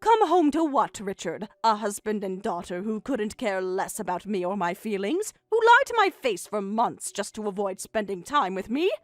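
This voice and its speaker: A woman's voice: medium pitch, big pitch swings, moderate pace, hardly any pauses, no echo, soft background music, lightly acted. A woman playing a bitterly sarcastic mother. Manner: biting sarcasm. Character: middle-aged mother, hurt and bitterly sarcastic. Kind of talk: text-message story voice acting.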